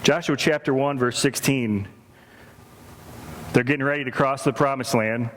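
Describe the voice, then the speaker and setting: A man's voice: medium pitch, steady tone, normal speed, a bit bright, a little hiss or hum. A man preaching a sermon, earnest and repeating phrases for emphasis. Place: church sanctuary. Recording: reverberant church hall.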